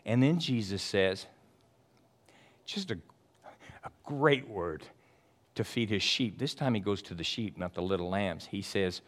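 Man, pastor, sermon, emphatic, casual with listeners, loud-to-hushed swings. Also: on the low side, expressive, measured pace, long pauses. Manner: casual and chatty with the congregation.

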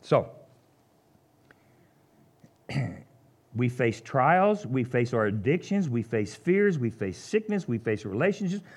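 A man preaching a casual, conversational sermon, folksy and animated, leaping from high exclamations to low asides. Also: slow pace, pauses often. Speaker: pastor.

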